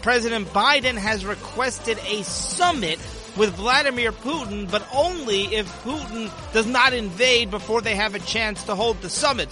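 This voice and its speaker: A man's voice: sits high, normal speed, bright, forceful tone, faint music behind. A man hosting a political commentary show, delivering an opinion monologue in an indignant, sarcastic manner with mocking asides.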